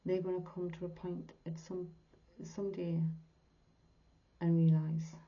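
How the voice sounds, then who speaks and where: A warm-toned woman in her sixties, a medium, reads tarot in an unhurried, lowish voice with flat delivery. She's earnest and heartfelt and often speaks in a whisper, and the lo-fi recording is dull.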